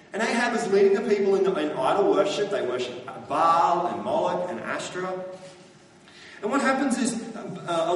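High-voiced man preaching in an echoey hall. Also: distant mic, a little hiss or hum. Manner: conversational, asks the congregation questions. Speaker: pastor. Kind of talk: sermon.

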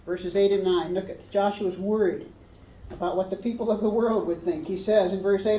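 A woman preaching a sermon with dramatic swings, acting out the voices of the people in the story and building to loud peaks. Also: mid-range voice, steady tone, moderate pace. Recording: roomy, distant, muffled hall recording.

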